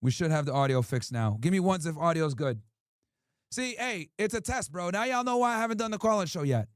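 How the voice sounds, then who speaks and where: A man's voice: sits high, animated, fairly quick, clear, resonant tone, no echo, clean studio sound. A man hosting a livestream in casual talk, profane and ranting as he answers his chat. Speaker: streamer host.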